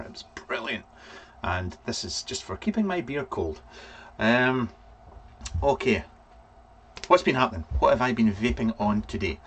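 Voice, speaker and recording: With a slight hiss or hum in the background, a Scotsman with a lowish voice hosts a laid-back live stream. The vape reviewer meanders through viewer names, saying um a lot.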